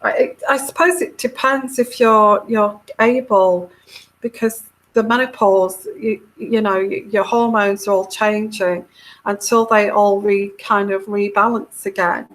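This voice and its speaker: A woman's voice: mid-range voice, steady tone, unhurried, a bit bright, rough recording. A middle-aged woman with a British accent hosting a casual tarot livestream, chatting and reading out viewer comments in a meandering, hesitant way full of fillers.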